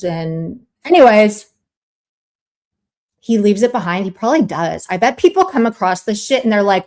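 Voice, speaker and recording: A woman's voice: mid-range voice, lively intonation. A woman on a livestream ranting in a scornful, sarcastic way at someone who let her viewers down. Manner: scornful, sarcastic, drawn-out delivery. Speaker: streamer. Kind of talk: mocking livestream rant.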